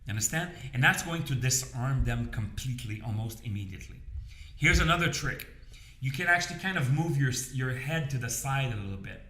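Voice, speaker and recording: At medium pitch, this man sounds animated and brisk with a sharp tone, his voice echoing in a reverberant space. Coaching business owners in a casual talk to camera, he repeats phrases and keeps asking "okay?" and "you understand?"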